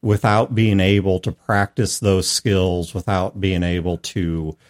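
Male podcast host, lower voice, measured and probing. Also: level tone. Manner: careful, probing questions. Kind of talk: casual chat.

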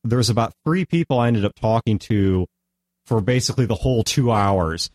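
A man's voice: lowish voice, a little fast, darkish tone, no room sound, studio quality. A man hosting a casual podcast chat, rambling at length and often stopping to correct himself. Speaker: podcast host.

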